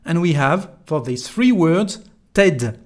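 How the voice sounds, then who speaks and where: French man teaching pronunciation slowly. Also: a little high, animated. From France. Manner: slow, careful explanations with modeled phrases to repeat. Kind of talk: online language lesson.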